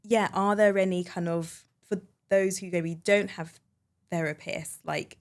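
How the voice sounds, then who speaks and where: A woman hosting a podcast, a mother telling a personal story in a chatty, animated way. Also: lowish voice, a little slow. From United Kingdom. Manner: chatty, animated storyteller, many fillers and restarts. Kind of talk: conversational storytelling.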